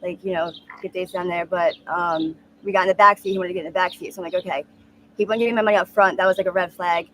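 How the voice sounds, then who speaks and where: A woman in her mid-thirties speaking frankly in a street interview, halting with many ums and likes. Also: fairly low pitch, steady tone, a bit bright, a little hiss or hum. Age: 30s.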